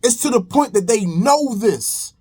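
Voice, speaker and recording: A man's voice: extremely high pitch, animated, unhurried, darkish tone, breathy edge. A young man commenting on a reaction video in a preachy, emphatic way, repeating phrases. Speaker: commentary host.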